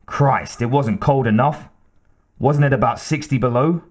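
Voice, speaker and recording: A man's voice: mid-range voice, unhurried, natural voice. A man as a blunt, sardonic ex-cop. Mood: gruff. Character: tough, weary male ex-cop advisor. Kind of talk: audiobook character reading.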